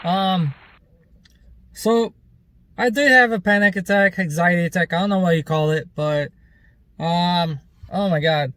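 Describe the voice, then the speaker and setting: A man's voice: high-pitched, a little slow, pauses often, fairly bright tone, no echo. A man vlogger telling a rambling, loose story in casual chat, with plenty of fillers and some swearing.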